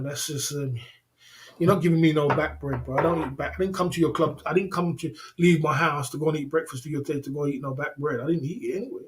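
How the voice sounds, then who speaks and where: A man hosting a casual livestream, telling a story in an animated, repetitive way, laughing often and calling his listeners bro and man. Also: a little high. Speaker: livestream host.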